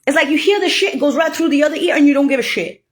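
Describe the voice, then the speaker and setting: Talking very fast, this woman rambles through a profanity-laden rant full of mockery and heavy swearing. She lurches from loud outbursts to low mutters.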